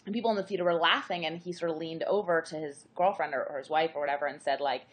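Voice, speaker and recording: A woman's voice: low voice, quick pace. A woman talking about movies from home over a call, chatty and reflective, with many restarts. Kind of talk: casual conversation about movies.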